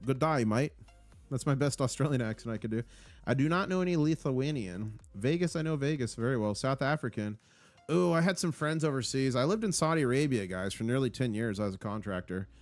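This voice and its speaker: Faint music plays behind a male livestream host whose medium-pitched voice is animated and brisk on a dry recording. Upbeat and rambling, he reads out viewer comments with fillers and restarts.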